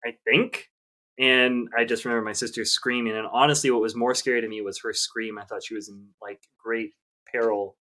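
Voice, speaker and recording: A man in his thirties telling his story at an easy, middling pitch, rambling and full of ums and likes. He circles back on himself as he talks in a casual podcast chat. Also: little pitch movement, fairly quick, pushed and bright. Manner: rambling, hesitant, many fillers. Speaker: podcast co-host.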